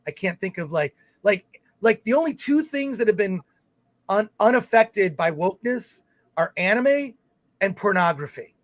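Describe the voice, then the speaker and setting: A man's voice: high-pitched, expressive, moderate pace, dry recording. A man co-hosting a live film talk show, rambling through his points with many restarts and reading viewer comments aloud. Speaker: podcast co-host. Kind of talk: casual chat.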